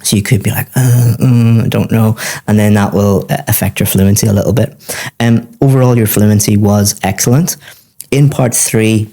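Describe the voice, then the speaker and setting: A man's voice: fairly low pitch, fairly even intonation, moderate pace, mellow. A man teaching, giving a student methodical, encouraging feedback on a speaking exam.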